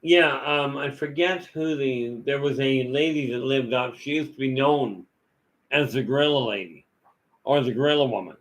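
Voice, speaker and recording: Man, folksy storyteller, casual rambling monologue, middle-pitched voice. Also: normal speed, fairly bright tone, poor audio. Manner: folksy, storytelling, many "you know" fillers. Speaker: vlog host. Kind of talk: rambling personal talk.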